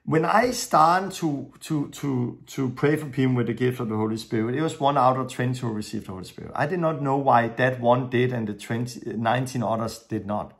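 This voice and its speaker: Earnest preacher with English. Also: male voice, mid-range voice, brisk, gravelly, hardly any pauses. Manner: earnest, storytelling, non-native English with grammar slips. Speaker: preacher teaching a lesson. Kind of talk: sermon-style teaching with stories.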